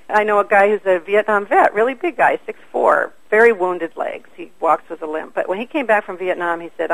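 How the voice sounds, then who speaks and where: An older woman, a guest on an interview show, telling stories in a lively way and acting out the voices of people she quotes. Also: medium pitch, gravelly, no room sound, rough recording. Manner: animated, acts out quoted voices. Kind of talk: conversational storytelling.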